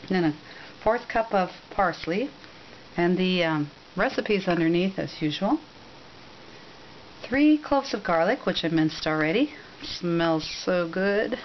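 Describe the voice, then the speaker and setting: A woman's voice: fairly low pitch, animated, slow pace, dull audio, a little hiss or hum. A woman giving a casual, rambling recipe demonstration, chatty, with frequent ums and self-corrections. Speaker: cooking demonstrator.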